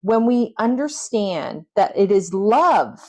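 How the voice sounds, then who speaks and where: Speaking slowly in a sing-song, darkish mid-range voice, this female podcast host reflects on her own. Her storytelling is earnest, with a self-coaching tone throughout the solo talk.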